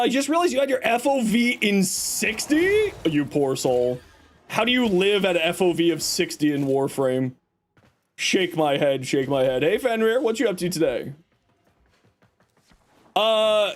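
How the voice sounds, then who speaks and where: A man hosting a livestream, chatting casually and teasing as he greets viewers and reads chat. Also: high voice. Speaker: livestream host reading chat.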